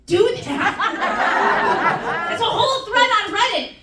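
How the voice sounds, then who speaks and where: A woman performing a stand-up comedy set on a club stage, animated and laughing often at her own jokes. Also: extremely high pitch, slow pace, very noisy. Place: comedy club stage before a live audience. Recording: echoey room, crowd laughter, distant mic. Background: audience laughing.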